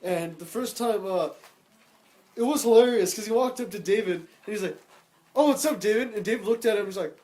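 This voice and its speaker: Young male co-host with a high voice, crude banter, laughing as he tells stories. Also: a little fast, a little mellow. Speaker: podcast co-host. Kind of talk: casual chat.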